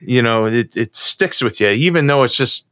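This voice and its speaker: A man's voice: medium pitch, animated, moderate pace, pushed and bright, clean tone, no echo. A man from the United States, co-hosting a casual podcast chat, telling a long story with many restarts. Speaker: co-host.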